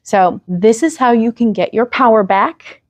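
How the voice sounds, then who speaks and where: A little high and a little mellow, the host's voice moves unhurriedly as she gives earnest, encouraging parenting advice directly to the viewer on her own vlog. The recording is dry.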